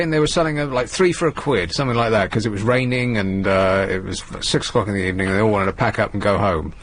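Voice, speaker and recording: A man's voice: fairly low pitch, fast, few pauses, a little hiss or hum. A man from England hosting a radio show, telling rambling, jokey stories in casual chat. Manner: rambling, jokey, animated storytelling. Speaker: radio host.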